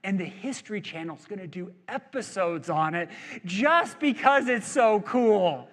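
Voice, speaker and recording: A man's voice: high-pitched, lively intonation, a little slow, fairly bright tone, in a large hall. A man playing God as a casual, playful male voice while preaching a sermon. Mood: excited. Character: God as a breezy, upbeat male voice.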